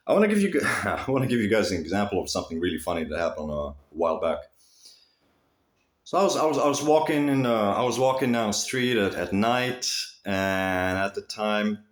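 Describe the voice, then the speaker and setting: This vlogger's low-pitched voice has a roomy sound as he talks directly to camera in a loose, cursing ramble. His sentences keep restarting, and his delivery lurches animatedly back and forth.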